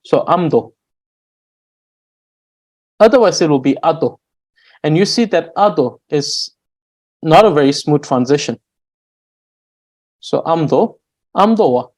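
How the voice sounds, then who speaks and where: Poor audio carries a man's fairly high but darkish voice as he teaches a recorded grammar lesson. The language teacher is slow and patient, full of fillers and restarts, lingering on example words.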